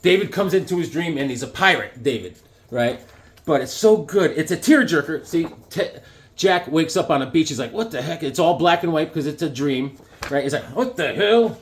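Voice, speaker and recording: A man casually reviewing comic books, excitable and chatty, breaking into silly voices now and then. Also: on the high side, moderate pace.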